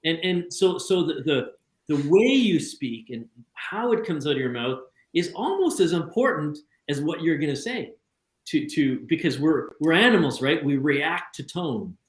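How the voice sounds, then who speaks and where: A male podcast host talks fast and very animatedly in casual conversation, tripping over restarts and repeating words. His voice sits a little high, and a noticeable room echo colors the sound.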